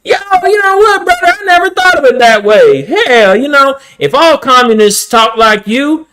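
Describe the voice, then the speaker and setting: A man voicing a loud, crude small-town conservative who drawls and swears a lot. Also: very high-pitched, wildly swooping pitch, moderate pace, pitched above the performer's own voice, exaggerated voice. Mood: won over.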